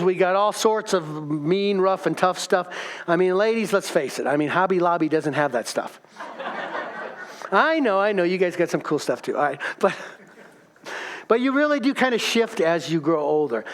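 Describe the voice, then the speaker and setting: A middle-aged pastor with a notably high voice gives a relaxed, chatty sermon. He jokes and calls out to the congregation as he talks. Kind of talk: casual sermon.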